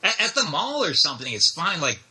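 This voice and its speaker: Bright, animated man chatting casually. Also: fairly high pitch, brisk, husky. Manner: animated, swears freely, laughs often. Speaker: podcast co-host. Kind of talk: casual chat about video games.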